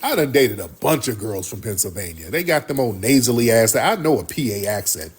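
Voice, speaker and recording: A man hosts a livestream with blunt, profane, heated commentary. His voice is husky and a little rough. His pitch swings widely as he rants at his viewers. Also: big pitch swings, brisk. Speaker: livestream host.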